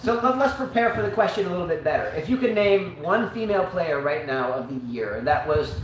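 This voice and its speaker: A man co-hosting a live online sports talk show, ranting in an animated way with comic outbursts. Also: high-pitched, brisk. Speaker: show co-host. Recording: very echoey room, faint hiss.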